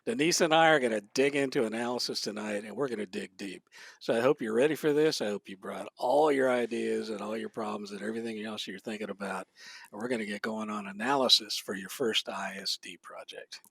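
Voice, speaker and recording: A man's voice: lowish voice, fairly quick, creaky, fairly bright tone, husky, dry recording. A man hosting an instructional talk show, upbeat and walking viewers through a list of topics. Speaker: host.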